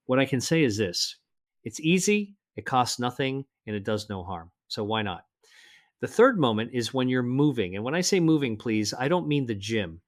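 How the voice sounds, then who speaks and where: Older man, mid-pitched voice, earnest, measured, scripted health narration, stresses key words. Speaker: health presenter.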